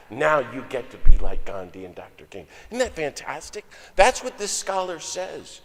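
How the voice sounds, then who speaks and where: An older man preaching a lively, joking sermon as a guest speaker, swinging between loud exclamations and soft asides. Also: fairly high pitch, normal speed, few pauses. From United States. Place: church sanctuary. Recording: long hall reverb.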